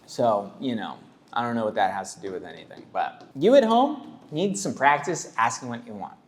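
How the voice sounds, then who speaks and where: A man's voice: mid-range voice, big pitch swings, moderate pace. A man who works as a tattoo artist, giving casual reaction commentary in a blunt, rambling way, full of "like" and "dude".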